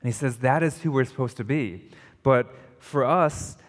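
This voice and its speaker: A man's voice: medium pitch, normal speed. A man preaching a sermon as pastor, emphatic, often restarting and repeating phrases. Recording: long reverb of a hall.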